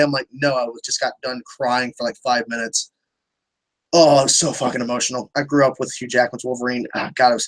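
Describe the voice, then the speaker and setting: A young man hosting a relaxed livestream speaks fast in a mid-range, fairly bright voice. He answers viewer questions loosely, often starting over mid-sentence and swearing openly.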